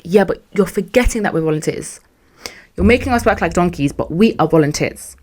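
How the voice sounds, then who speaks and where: Young woman podcaster venting, slangy and animated, lowish voice. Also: brisk. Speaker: podcast host. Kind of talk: casual storytelling monologue.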